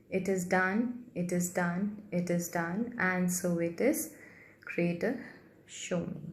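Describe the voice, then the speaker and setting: A woman guiding a healing meditation in a soft, gentle, slow and repetitive way. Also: medium pitch. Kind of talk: guided meditation. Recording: roomy echo with faint background hiss.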